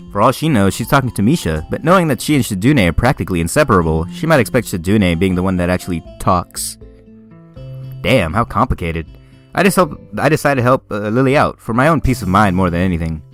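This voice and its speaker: A man reading a visual novel aloud in a casual manner, laughing at himself when he slips. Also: lowish voice. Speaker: game player.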